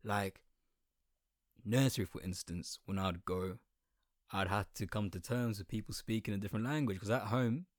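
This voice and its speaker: A man's voice: on the low side, normal speed, dry recording, clean studio sound. A young man from England with an English accent, whose first language was Sylheti Bengali, talking candidly in a casual, conversational monologue and swearing now and then. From Colchester, England. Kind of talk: personal reflective monologue.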